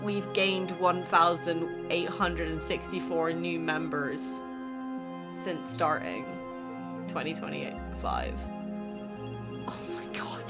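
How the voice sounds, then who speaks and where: A woman casually chatting as a YouTube creator, excitable and full of exclamations as she goes over her channel. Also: sits low, slow pace, loud music behind the voice. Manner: excitable, exclaiming, laughs between remarks. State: emotional, near tears. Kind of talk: casual vlog chat reviewing channel stats.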